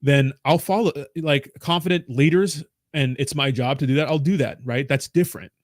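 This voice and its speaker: A man's voice: fairly high pitch, normal speed, no echo. A man hosting a crypto livestream from a small home studio, rambling and ranting with constant swearing. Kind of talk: casual livestream rant.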